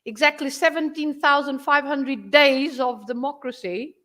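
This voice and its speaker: A woman with a high voice and a Portuguese accent speaks English as a second language. She chats in a giggly, hesitant way, with frequent fillers. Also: fairly even intonation, unhurried, fairly bright tone. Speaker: guest language teacher. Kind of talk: casual chat.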